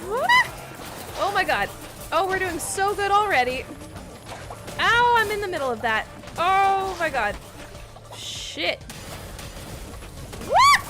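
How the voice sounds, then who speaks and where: A woman's voice: very high-pitched, a little slow, long pauses. A woman streaming a game, chatting with viewers and yelping and swearing when things go wrong. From Canada. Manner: excitable, yelps and swears at the game. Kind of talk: live gameplay commentary. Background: game music.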